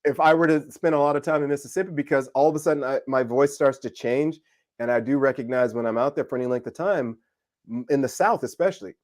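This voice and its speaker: A man from California telling a story in a casual live discussion, animated and acting out voices. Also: mid-range voice, fast talker. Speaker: co-host.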